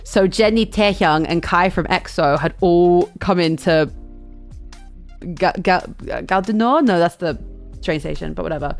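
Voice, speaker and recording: A young woman streamer telling a chaotic travel story in casual chat, animated and full of fillers and restarts. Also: fairly low pitch, unhurried, creaky, faint music behind.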